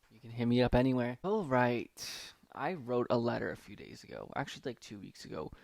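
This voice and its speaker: A man's voice: medium pitch, animated, fairly quick, creaky, darkish tone, dry recording. A young man hosting a solo podcast intro, nervous and rambling, reading from a letter and swearing casually. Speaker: podcast host.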